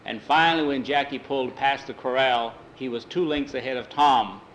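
A male storyteller with a mid-range voice, folksy and unhurried. He tells a homespun western tale the way one would out loud. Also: medium pitch, muffled recording, slight background noise. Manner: folksy, relaxed. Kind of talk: oral storytelling.

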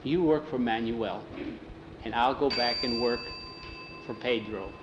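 A man telling a story aloud in a relaxed, folksy way, dropping into broken-English voices for the characters. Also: medium pitch, a little slow. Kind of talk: oral storytelling, voicing characters. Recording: roomy, faint ambient noise.

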